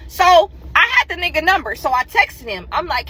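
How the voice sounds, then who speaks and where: A young woman tells a story, swinging between loud outbursts and low mimicry of other people. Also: very animated, normal speed, poor audio. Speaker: storyteller in a clip. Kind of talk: animated storytelling.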